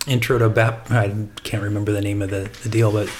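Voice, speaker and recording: Low-voiced man, reflective podcast co-host. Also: level tone, slight background noise. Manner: reflective, halting with restarts. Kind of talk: casual discussion.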